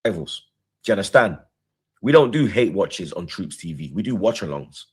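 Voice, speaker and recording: A man's voice: deep voice, lively intonation, moderate pace, slightly rough. A man, co-hosting a reaction show, boasting defiantly about his football club. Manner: boastful, defiant trash talk. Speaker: reaction channel co-host. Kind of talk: casual football banter.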